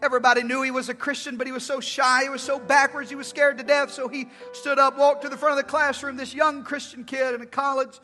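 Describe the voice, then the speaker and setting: A man preaching a sermon as pastor, swinging from loud calls to hushed, dramatic lines. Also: extremely high pitch, little pitch movement, quick pace, hardly any pauses. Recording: long hall reverb with faint music.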